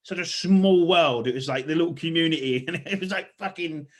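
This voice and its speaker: A man's voice: a little high, fairly quick. Rambling, swearing man on a podcast. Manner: rambling, swearing, laughs often. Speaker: podcast co-host. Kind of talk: casual chat.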